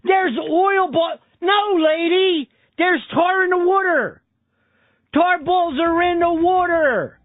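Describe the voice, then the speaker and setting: A radio host playing an exasperated Philadelphia man who keeps yelling that everyone is in the water. The voice sits high and nasal with a thick Philadelphia accent, and it comes through as dry, tinny, phone-like audio. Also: slow pace, dry recording. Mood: frantic.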